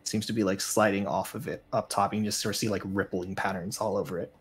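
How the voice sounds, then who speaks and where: A man narrating a tabletop game as game master, in a relaxed, hesitant way with many fillers. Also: on the low side, quick pace, a little hiss or hum.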